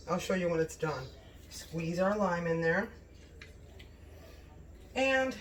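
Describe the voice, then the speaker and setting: A woman hosting a casual home cooking vlog, gushing and excitable, often exclaiming over the food. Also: fairly low pitch, very noisy. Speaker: cooking channel host.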